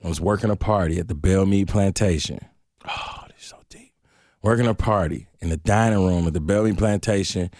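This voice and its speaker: Animated storytelling man from Detroit, dry sound. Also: low-pitched, quick pace, few pauses, dry recording. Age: middle-aged. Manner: animated, slangy storyteller acting out voices. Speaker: guest. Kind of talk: storytelling in a radio interview.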